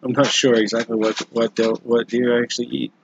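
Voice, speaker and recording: A man's voice: mid-range voice, flat delivery, fairly quick, gravelly, lo-fi sound, slight background noise. A man casually telling an improvised story on a livestream, rambling and self-correcting, with chatty asides to viewers.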